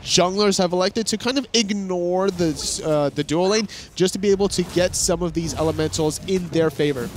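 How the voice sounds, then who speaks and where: Higher-pitched male esports play-by-play caster. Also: normal speed, hardly any pauses, a little hiss or hum. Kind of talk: live esports commentary.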